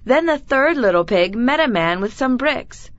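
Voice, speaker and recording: A woman reading a children's story aloud clearly and deliberately for learners. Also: sits high, animated, dry recording, highs cut off. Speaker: reader of children's stories.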